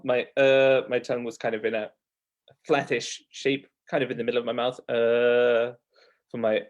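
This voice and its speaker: A man's voice: medium pitch, lo-fi sound. A man with a Received Pronunciation accent, a guest on a live accent Q&A, explaining in a thoughtful, hesitant way. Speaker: guest coach. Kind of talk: live Q&A session.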